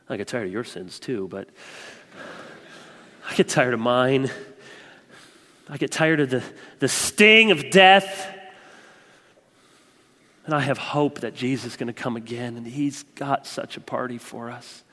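A man in his thirties, a pastor, preaches a sermon with passion and emphasis, repeating himself frequently. His voice is mid-range with a fairly bright tone, and a large room adds long reverb.

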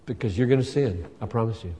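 A male pastor preaching a sermon with emphasis, building up to loud fervent peaks. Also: on the low side, fast talker, breathy edge. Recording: long hall reverb.

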